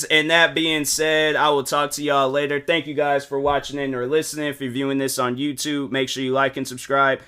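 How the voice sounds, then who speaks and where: A man's voice: fairly high pitch, pushed and bright, clear, resonant tone. A young man hosting a solo podcast, rambling casually with slang, lots of fillers and restarts, and acting out both sides of phone calls. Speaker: podcast host.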